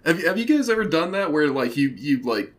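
A young man co-hosting a casual podcast, animated, swearing freely and laughing often. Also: fairly high pitch, fairly quick. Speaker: podcast co-host.

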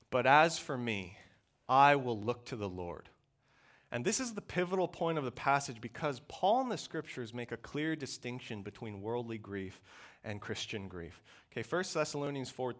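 A man preaching a sermon in a church, earnest and measured, slowing down and pausing to press his points. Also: medium pitch. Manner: earnest, measured preaching with slow emphatic pauses.

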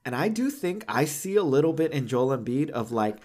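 A man's voice: medium pitch, sing-song, fairly quick, a little mellow. A laughing, casual male co-host. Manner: laughs often, many "like" fillers, acts out quoted voices. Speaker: podcast co-host. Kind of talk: casual chat.

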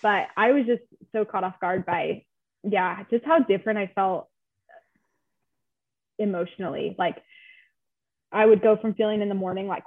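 Heard through a thin, phone-like line, a young woman talks openly as a guest about being a new mother. She speaks at a middle pitch, chatty and candid, with plenty of casual fillers. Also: normal speed, pauses often. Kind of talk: casual interview chat. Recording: tinny phone-line sound.

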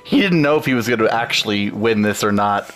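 Male player, relaxed and unhurried in his turns. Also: lowish voice, soft background music.

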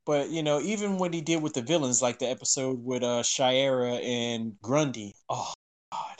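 Man, podcast guest, excitable and emotional, laughs a lot. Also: medium pitch, normal speed. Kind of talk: casual podcast chat.

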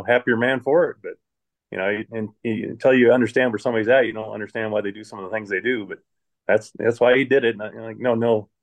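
A middle-aged man from Michigan, a water plant manager, casually telling stories about his work life in an interview, rambling along with many restarts. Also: medium pitch.

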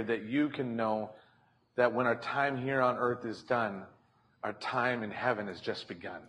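A man's voice: medium pitch, fairly even intonation, unhurried, a bit bright. A male pastor preaching a sermon from a church stage, telling stories and acting out voices. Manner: storytelling, acts out voices in anecdotes.

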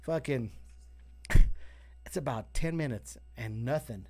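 A man telling a story on a casual podcast, animated and profane, acting out the voices of the people in it. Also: medium pitch, slow, crowd noise.

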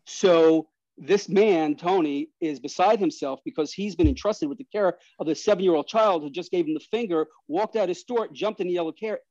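Animated New man telling stories. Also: sits high, moderate pace, dry recording. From New York. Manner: animated, restarts, laughs mid-story. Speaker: podcast guest. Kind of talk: casual storytelling. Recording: slightly dull dry recording.

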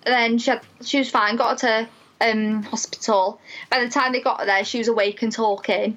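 A young woman, a student mental health nurse, telling a personal story in an animated, emotional way, full of "like" fillers. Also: on the high side, fairly quick, dull audio.

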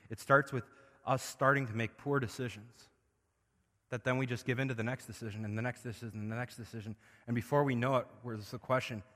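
A man preaching a sermon as pastor, moving between hushed, intimate passages and loud, impassioned swells. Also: mid-range voice, in a large hall.

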